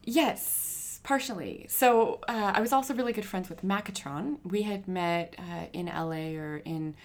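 Gravelly low-voiced woman chatting. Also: measured pace. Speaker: guest, graffiti artist. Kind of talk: casual conversation.

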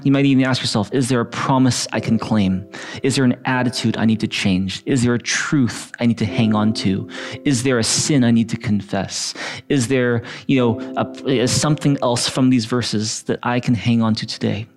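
A middle-aged male pastor leading a slow, gentle guided prayer and scripture reading, repeating phrases prayerfully. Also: medium pitch, steady tone, soft background music.

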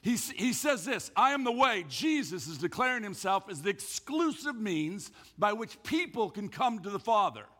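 Bevlogen predikant in een galmende kerkzaal. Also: male voice, high-pitched, very animated, moderate pace, few pauses, sharp tone. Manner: emphatic, repeats words when building a point. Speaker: pastor. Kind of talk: sermon. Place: church hall. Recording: echoey hall.

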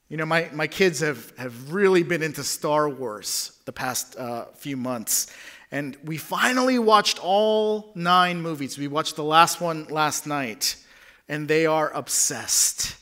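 A pastor in his thirties preaching with a bright, ringing tone. He drops to near-whispers for tender points and surges loud for emphasis. The man's slightly high voice carries lively energy. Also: takes it slowly. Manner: dynamic, swings from hushed whispers to loud emphasis. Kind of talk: sermon.

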